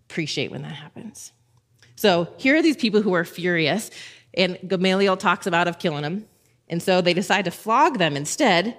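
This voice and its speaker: Speaking on the low side, a woman in her thirties brings a Bible passage to life in a casual, animated lesson. She plays the people in the story and laughs readily.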